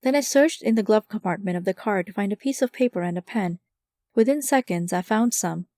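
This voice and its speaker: A woman narrating a light first-person mystery audiobook, giving lively voices to the characters. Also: medium pitch, fairly quick, dry recording, clean studio sound.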